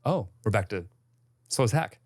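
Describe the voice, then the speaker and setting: A man's voice: fairly low pitch, moderate pace. A man co-hosting a podcast, trading jokes in loose banter. His intonation swings widely as he talks. The delivery is playful and conversational. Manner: joking, banters, lively intonation. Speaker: podcast co-host. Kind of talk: casual chat.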